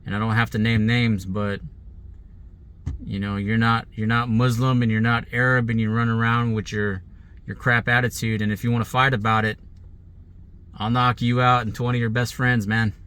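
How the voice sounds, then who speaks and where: A man records himself from the seat of his car, talking into the camera. He rambles and circles back, sounding aggrieved and threatening. His voice sits at a middling pitch for a man. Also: level tone, normal speed, a bit bright, smooth. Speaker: vlogger. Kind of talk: angry monologue to camera. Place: sitting in a car.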